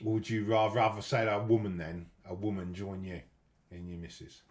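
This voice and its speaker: A man's voice: fairly low pitch, completely flat delivery, fairly quick, darkish tone, recorded from a distance. A British man on a comedy podcast panel, bantering bluntly and posing crude questions. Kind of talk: casual banter. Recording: echoey room.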